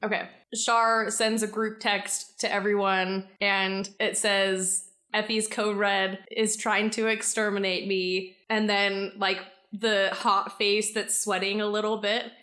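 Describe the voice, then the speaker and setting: A woman playing a tabletop game, chatting quickly through what her character does. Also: mid-range voice, little pitch movement, pushed and bright. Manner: quick, chatty describing of actions. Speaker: player.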